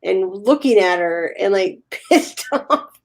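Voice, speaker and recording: A woman's voice: medium pitch, lively intonation, slow. A woman in a casual live-stream chat, laughing often as she tells stories.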